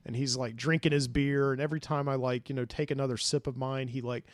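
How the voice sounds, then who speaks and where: A man's voice: medium pitch, steady tone, fast, no room sound. A man hosting a podcast, telling a dream story in a rambling way with many fillers, recorded in a studio. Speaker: podcast host.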